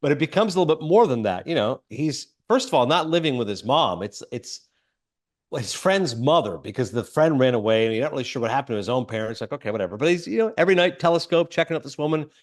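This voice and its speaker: Male podcast host, brisk, chatty film recapper, filler-heavy. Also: medium pitch, animated. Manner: rambling, filler-heavy retelling with quick quoted asides.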